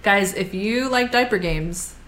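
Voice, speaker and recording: A woman in her thirties co-hosts a podcast in loose, comedic banter. Her voice sits at an ordinary middle pitch. She jokes constantly and breaks into laughter easily. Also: a bit bright, slight background noise. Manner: playful, jokey, quick to laugh. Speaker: podcast co-host. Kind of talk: comedic casual chat.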